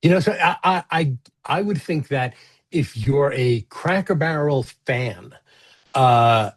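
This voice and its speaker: A middle-aged man co-hosting a podcast, talking in casual, rambling chat with lots of fillers, restarts and swearing. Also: fairly high pitch. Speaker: podcast co-host.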